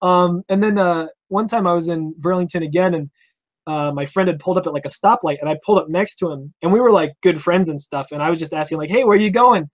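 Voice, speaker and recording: Fast-talking young man telling stories. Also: high-pitched. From Vermont. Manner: rambling, animated, acts out quoted cops. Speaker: interview guest. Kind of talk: casual storytelling.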